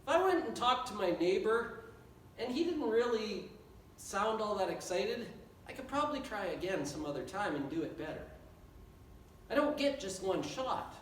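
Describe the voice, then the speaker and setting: A man preaches with an unusually high voice, pressing his points through earnest repetition. He is heard from some distance in a church sanctuary, and the room's reverb hangs on every phrase. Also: big pitch swings, moderate pace, a little hiss or hum. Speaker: pastor. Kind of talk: sermon. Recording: echoey church hall from far off.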